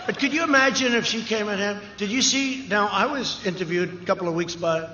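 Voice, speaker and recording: A man's voice: high voice, a little fast, pushed and bright. A man giving a campaign rally speech outdoors before a large crowd, talking in rambling, repetitive, boastful riffs. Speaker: political speaker at a rally. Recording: echoey, dull PA sound with crowd noise. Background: cheering crowd.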